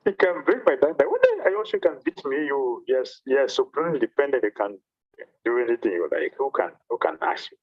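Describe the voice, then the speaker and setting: A man, a monk, telling a devotional story in a sermon with animated delivery and frequent repetition of phrases. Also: mid-range voice, a little fast, lo-fi sound. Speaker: monk giving a talk.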